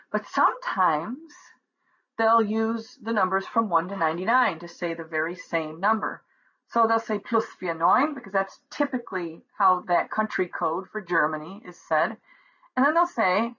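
A woman teaching a language lesson, explaining patiently and reading numbers out slowly and deliberately. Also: medium pitch, pushed and bright, slightly rough. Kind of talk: slow instructional explanation. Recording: dull lo-fi recording.

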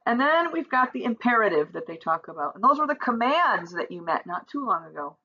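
Woman, language teacher, bright clear voice, patient step-by-step explanations, slightly dull lo-fi sound. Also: on the high side, very animated. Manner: explains slowly, reads German examples aloud and translates them. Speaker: German teacher. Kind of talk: textbook grammar lesson.

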